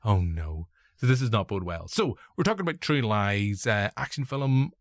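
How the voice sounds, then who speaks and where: A man's voice: lowish voice, expressive, moderate pace, dry recording, studio quality. A man with a Northern Irish accent hosting a casual film review podcast, rambling and joking at his own expense. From Northern Ireland. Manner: rambling, jokey, self-deprecating. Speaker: podcast host.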